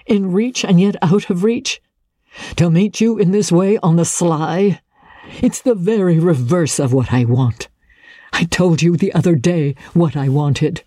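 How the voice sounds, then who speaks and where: A woman's voice: fairly low pitch, unhurried, mellow, no room sound, studio quality, pitched above the performer's own voice. A woman reading aloud, voicing a young man who is an impatient, passionate lover and presses with urgent questions.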